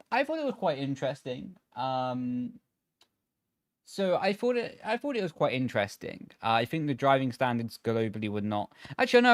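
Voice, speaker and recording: A man chatting casually on a racing game livestream from his home sim rig, greeting viewers by name and correcting himself quickly as he talks. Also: medium pitch, no echo, clean studio sound. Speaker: game streamer and sim racer. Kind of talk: casual livestream chat while gaming. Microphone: desk microphone on a stand.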